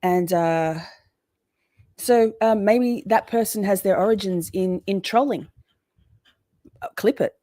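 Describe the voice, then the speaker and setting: A woman's voice: mid-range voice, slow pace, pauses often, dark tone, dry recording, studio quality. A woman hosting a casual livestream, rambling and chatty, swearing freely and breaking off to greet her chat. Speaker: livestream host.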